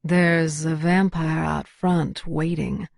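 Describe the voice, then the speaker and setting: A woman's voice: low-pitched, steady tone, takes it slowly, vocal fry, darkish tone, no room sound, studio quality, full character voice. A woman doing a feisty, drawling werewolf driver. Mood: flat. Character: tough female werewolf driver, feisty, teasing.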